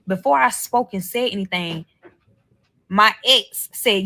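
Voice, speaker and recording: A woman recounts a chaotic personal story straight to her viewers, swearing constantly and acting out the lines of the other people. Her voice sits in the middle range and keeps the loose, animated rhythm of spoken storytelling. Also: medium pitch, normal speed, gravelly. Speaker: storyteller in a played clip.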